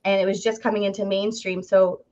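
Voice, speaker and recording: A woman's voice: mid-range voice, brisk. A young woman from Ontario, a podcast guest telling her story casually and animatedly, full of "like" fillers and acted-out quotes. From Ontario, Canada. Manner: chatty, animated, many "like" fillers, acts out quoted voices. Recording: dull lo-fi podcast audio.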